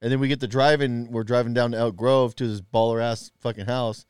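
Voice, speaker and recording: A man talks quickly in a smooth, clear voice, rambling through casual profane chat with many fillers and restarts. The sound is dry and close. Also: mid-range voice, fairly even intonation, no echo. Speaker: podcast co-host, rideshare driver.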